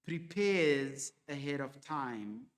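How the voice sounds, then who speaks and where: A man's voice: fairly high pitch, lively intonation, slow pace. A man preaching a sermon in an emphatic, rebuking manner, with many fillers and restarts. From South Africa. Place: church hall. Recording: hall reverb from a church.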